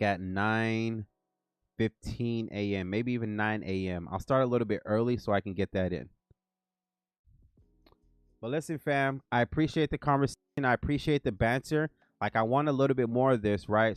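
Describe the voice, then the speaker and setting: A man's voice: lowish voice, smooth, no room sound. An American man hosting a livestream, talking casually in a loose, rambling way with slang and fillers. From United States. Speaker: livestream host.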